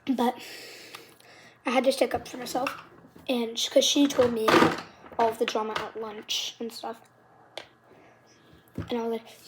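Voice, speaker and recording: Young girl, high voice, chatty dramatic storytelling, whispered asides, faint background hiss. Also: flat delivery, a little slow, long pauses. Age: child, fifth grader. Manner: chatty, dramatic retelling with many "like"s. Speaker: vlogger. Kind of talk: casual storytelling vlog.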